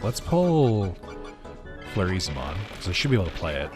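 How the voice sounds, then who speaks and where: Man, low-pitched, casual game commentary, rambling, chuckling. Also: sing-song, normal speed, over music. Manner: rambling, with lots of fillers and chuckles. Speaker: gaming YouTuber. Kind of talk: casual let's-play commentary.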